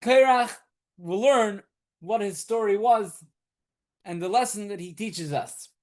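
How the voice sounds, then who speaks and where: With an unhurried delivery and a high, darkish-toned voice, a rabbi teaches his weekly Torah class to a few students. He repeats important points patiently, raises rhetorical questions, and turns to students to question them.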